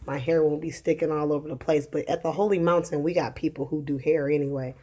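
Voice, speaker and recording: A woman's voice: sits low, steady tone, fast talker, warm tone. A young woman talking casually about faith and her children's dreams, rambling with many fillers and restarts and laughing at her own jokes. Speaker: religious vlogger. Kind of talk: casual preaching monologue.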